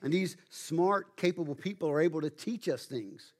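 A man preaching a sermon as pastor, speaking emphatically and slowing down to stress key words. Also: on the high side.

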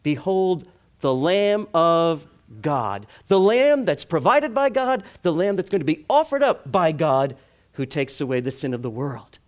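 A male preacher giving a sermon with a strongly varied, animated voice. He keeps putting rhetorical questions to the congregation and answering them himself. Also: high voice, moderate pace.

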